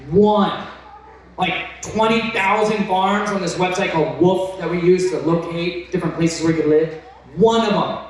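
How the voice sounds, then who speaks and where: A man preaching an excitable storytelling sermon, intense and breaking into shouts. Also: fairly high pitch. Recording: very echoey, from far off.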